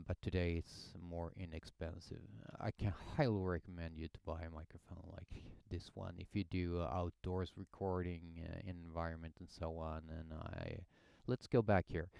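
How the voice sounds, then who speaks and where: Slow, hesitant man demoing a mic. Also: sits low, gravelly, a little mellow, smooth, no room sound, studio quality. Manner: explanatory, thinking aloud, hesitant. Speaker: gear reviewer. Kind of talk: casual microphone demo. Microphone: headset and studio condenser mic.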